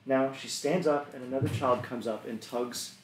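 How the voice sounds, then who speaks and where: A man's voice: mid-range voice, fairly even intonation, moderate pace, roomy sound, recorded from a distance, a little hiss or hum, poor audio. A man narrating a tabletop game as game master, in a laid-back way with loose fillers.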